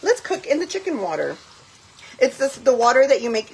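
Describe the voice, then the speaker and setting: Gravelly-voiced woman chatting while cooking. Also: fairly high pitch, big pitch swings, a little fast, a little mellow, slight background noise, low-quality recording. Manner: chatty, switches into Spanish phrases, frequent fillers. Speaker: cooking vlogger. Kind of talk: casual chatty cooking vlog. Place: home kitchen. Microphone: phone on a tripod.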